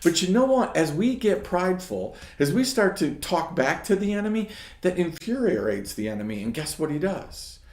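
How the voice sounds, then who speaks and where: Man, ministry host, animated storyteller, swinging pitch, roomy echo. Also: normal speed. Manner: storytelling, keeps asking "right?". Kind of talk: casual devotional talk. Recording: echoey room.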